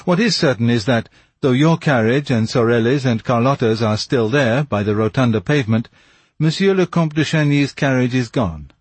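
Smug police commissary with a husky voice and brisk, pointed questions, read by a man. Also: medium pitch, dry recording, pitched above the performer's own voice, natural voice. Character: smug self-satisfied male police commissary.

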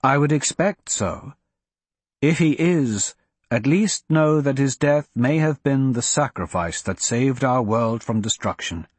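A man reading an audiobook, voicing an ancient, cryptic male wizard who speaks in a measured, grave and blunt way. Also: medium pitch, lively intonation, dry recording. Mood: calm. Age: older.

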